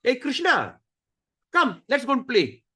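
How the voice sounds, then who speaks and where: A man's voice: very high-pitched, huge pitch swings, measured pace, pushed and bright, slightly rough, voice pushed up, exaggerated voice. A man voicing a playful, innocent cowherd boy who pleads with his divine friend to come and play. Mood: eager, insistent.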